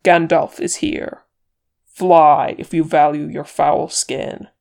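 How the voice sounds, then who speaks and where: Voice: medium pitch, level tone, normal speed, vocal fry, darkish tone, close to an everyday voice. A reader voicing a stern, commanding old male wizard in an audiobook, curt and decisive. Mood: defiant. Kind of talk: audiobook character reading.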